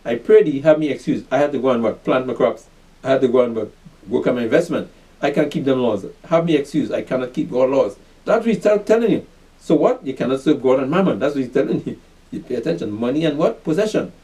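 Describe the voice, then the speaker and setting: A man's voice: medium pitch, animated, quick pace, mellow, recorded from a distance, poor audio. Fiery man preaching, heard from afar. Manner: repeats "pay attention", asks and answers his own questions. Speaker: preacher teaching a class. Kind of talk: fiery street-style scripture teaching.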